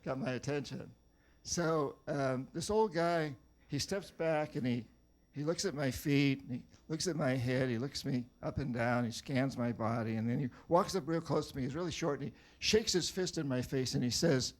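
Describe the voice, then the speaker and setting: Older male author, from New Hampshire, middle pitch, wry anecdotal storyteller who stumbles and repeats words. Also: normal speed. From New Hampshire, USA. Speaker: author giving a talk. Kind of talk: storytelling talk to a live audience.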